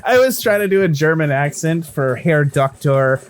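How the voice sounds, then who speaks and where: A man's voice: a little high, animated, normal speed, clean tone. A man narrating a tabletop game as dungeon master and podcast host, rambling with plenty of fillers.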